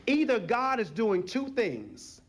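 His voice is very high-pitched and his pace slow. In the sanctuary, this pastor brings his sermon to life by acting out scenes in various voices and prompting responses from the congregation.

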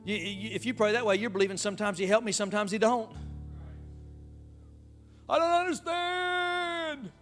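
A man's voice: high-pitched, steady tone, rapid-fire, few pauses, faint music behind. A man preaching a sermon to his congregation, calling out to them and breaking into playful asides. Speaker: pastor.

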